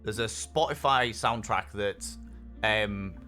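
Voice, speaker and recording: A man with a lowish, bright, forceful voice takes it slowly while streaming a game over faint lo-fi music. He's upbeat and swears freely, chatting casually as he reads viewer messages.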